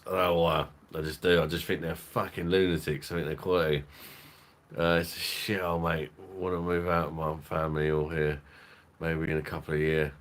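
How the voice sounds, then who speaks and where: A man's voice: a bass voice, level tone, moderate pace, fairly bright tone. A young man with a London accent hosting a casual live stream, reading out chat, swearing and laughing often. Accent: London English. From London, England.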